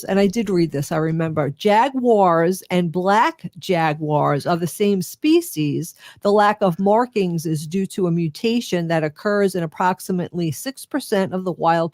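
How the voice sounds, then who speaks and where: A woman's voice: mid-range voice, darkish tone, no echo, clean studio sound. A woman with a New York accent, co-hosting a radio show and chattily reading animal facts aloud, now and then losing her place. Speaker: radio co-host.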